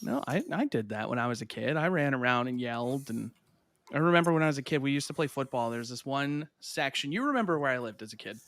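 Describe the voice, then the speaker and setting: Lively, bright-voiced podcast host. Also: male voice, mid-range voice, fast talker, dry recording. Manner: animated storyteller, acts out voices when retelling. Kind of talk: casual chat.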